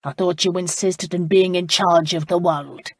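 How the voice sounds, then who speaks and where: Woman reads a belligerent Scottish lout: rolling brogue, loud and blunt, low husky tone. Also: steady tone, moderate pace, dry recording, clean studio sound. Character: surly brawling Scottish man, duke's lost brother. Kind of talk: audiobook character voice.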